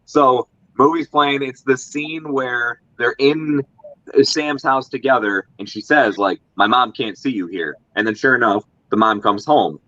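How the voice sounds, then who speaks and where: A man chatting casually in a film discussion live stream, excitable and emphatic, often repeating himself. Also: medium pitch, a little slow, no echo, dull audio.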